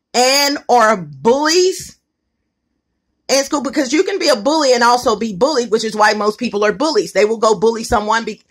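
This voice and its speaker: A woman vlogging from her home kitchen on a phone, talking emphatically and repeating herself as she speaks straight to her viewers. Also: a little high. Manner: emphatic, repetitive, addresses viewers directly. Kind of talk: casual phone vlog to viewers.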